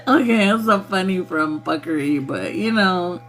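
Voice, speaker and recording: A woman's voice: on the low side, normal speed, fairly bright tone, soft background music. A woman hosting a casual spiritual livestream who laughs often and swears freely in a loose, playful way. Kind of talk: casual chat with viewers.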